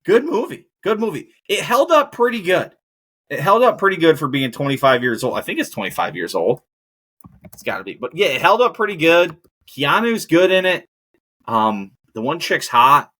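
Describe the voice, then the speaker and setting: A man's voice: fairly high pitch, sing-song, normal speed, sharp tone. A man hosting a podcast, ranting casually and profanely about air travel and movies. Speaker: podcast host. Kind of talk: casual monologue.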